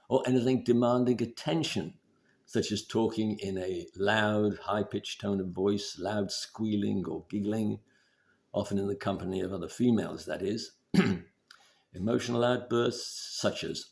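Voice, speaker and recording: A man giving relationship advice in a measured, deliberate instructional talk. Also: on the low side, gravelly. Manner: measured, deliberate, steady explaining.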